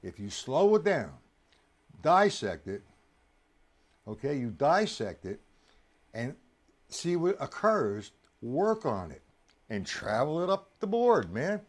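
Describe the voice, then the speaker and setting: A man teaching drums on a live stream, chatty and coaxing, counting beats aloud with loud accents on the downbeats. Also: medium pitch, very animated, slow, pauses often. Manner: chatty, coaxing, addresses viewers directly. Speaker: drum teacher. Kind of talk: live-streamed drum lesson.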